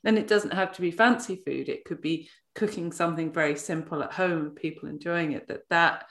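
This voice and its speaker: A woman's voice: lowish voice, fairly quick, a bit bright. A woman hosting an interview podcast, talking in a reflective, thoughtful way. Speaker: podcast host. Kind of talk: casual conversational interview.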